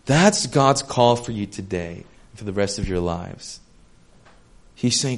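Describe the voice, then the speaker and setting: A man preaching a sermon in an earnest, gentle, casual way, with plenty of fillers. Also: lowish voice, lively intonation, slow pace.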